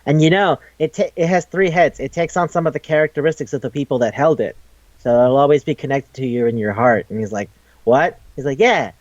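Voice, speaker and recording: A man's voice: mid-range voice, fast talker, a little mellow, dry recording, muffled recording. A man co-hosting a podcast in casual chat, rambling loosely with lots of "like", swearing freely and acting out quoted lines as he retells a story. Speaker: podcast co-host.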